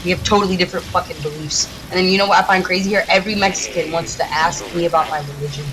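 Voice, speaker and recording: A woman from the United States, a gaming streamer, ranting in a heated, profane, rapid-fire way while she plays. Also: fairly low pitch, fairly even intonation, noisy background. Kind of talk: casual ranting during a livestream.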